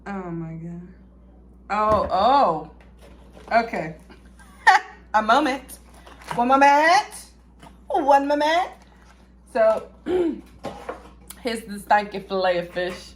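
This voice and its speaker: A young woman, vlogging a food review, dramatic and chatty, swinging from loud squeals to low mutters. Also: slow, long pauses. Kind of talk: casual food-review vlog.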